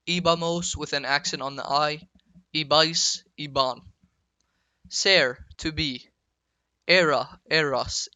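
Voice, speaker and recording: A man giving a school-style grammar lecture, spelling out verb endings slowly and telling viewers to write them down. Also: on the high side, bright, forceful tone, clear, resonant tone, no room sound, poor audio. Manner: slow, deliberate, spells out endings, asks viewers to take notes. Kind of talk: student-made lecture video.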